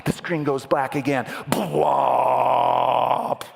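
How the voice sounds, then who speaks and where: Husky preacher dramatizing a story. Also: male voice, medium pitch, moderate pace. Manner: animated, dramatic narration with sound effects. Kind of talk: sermon storytelling. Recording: echoey hall with long reverb.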